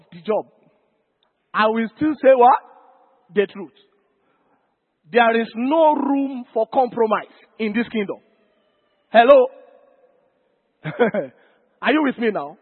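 A pastor preaches with emphasis and keeps calling out to his congregation. His voice sits very high for a man. The recording is thin and phone-like, with a long reverb trailing off each phrase. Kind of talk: sermon.

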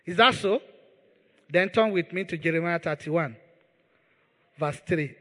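A man's voice: a little high, a little slow, sharp tone, long reverb tail. A man preaching a sermon as pastor. He speaks with emphasis, repeats key words and leads the congregation in prayer.

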